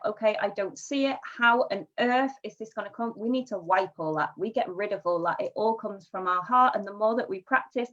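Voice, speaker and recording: A woman with a fairly high voice hosts a casual interview and heaps on praise. Her voice comes through a dull, lo-fi recording. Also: a bit bright. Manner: enthusiastic, effusive praise. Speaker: host. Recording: dull lo-fi sound.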